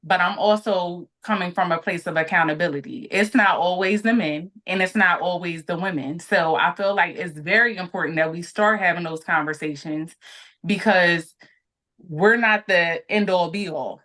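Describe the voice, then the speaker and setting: A woman in her late thirties, a podcast guest, talking candidly and reflectively in relaxed conversation. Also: fairly low pitch, moderate pace. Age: 30s.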